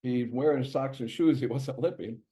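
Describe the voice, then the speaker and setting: Speaking at normal speed with a warm, medium-pitched voice, a male doctor chats his way through a casual health talk. He uses many fillers and restarts himself often, and the lo-fi recording is dull.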